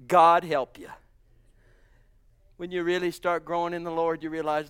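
A man's voice: sits high, moderate pace, pauses often, a bit bright, clear, resonant tone, dry recording. A man preaching a sermon with fervor, often breaking into "oh" and "hallelujah". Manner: fervent, exclaiming "oh" and "hallelujah".

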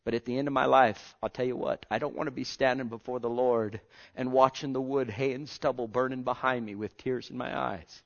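A man preaching a sermon with passion, swinging between loud pleading and hushed, almost whispered lines. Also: mid-range voice, steady tone, fairly quick, gravelly. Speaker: pastor. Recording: lo-fi dull sound.

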